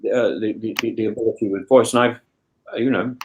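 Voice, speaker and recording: A man's voice: lowish voice, fairly even intonation, fast talker, a little hiss or hum. A man in casual chat on a show he regularly joins, talking in a thoughtful, musing way with many restarts and stammered repeats. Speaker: regular guest.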